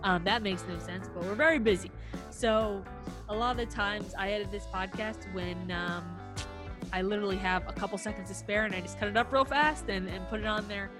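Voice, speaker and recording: A young woman co-hosting a casual sports podcast, talking in an animated, emotional way as a frustrated fan. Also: medium pitch, brisk, over music. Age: young adult. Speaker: podcast co-host.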